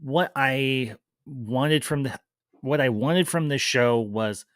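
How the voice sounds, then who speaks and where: A man's voice: mid-range voice, takes it slowly, a bit bright, dry recording. A man hosting a live-stream review, chatting loosely with fillers and greeting viewers in the chat. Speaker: livestream host reviewing a series.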